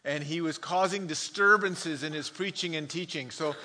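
A man's voice: on the high side, normal speed, pushed and bright. A man preaching as a pastor, opening with a prayer and telling humorous anecdotes, often chuckling at his own stories. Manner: chuckles often, storytelling asides.

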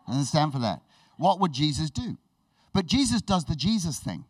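A man preaching a sermon with enthusiastic, animated storytelling, laughing and restarting as he goes. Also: fairly high pitch, normal speed, no room sound, distant mic.

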